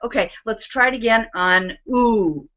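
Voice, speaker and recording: Slow-talking woman leading laughter yoga. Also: on the high side, pushed and bright. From Maryland, USA. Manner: playful, punning, leads chants of ho-ho and ha-ha. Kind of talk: guided laughter exercises. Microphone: video call. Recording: dull lo-fi video call audio.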